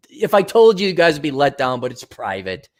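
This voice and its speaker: A man's voice: on the high side, sing-song, moderate pace. A man co-hosting a podcast in blunt, profane casual chat. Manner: blunt, profane, mocking impressions. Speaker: podcast co-host.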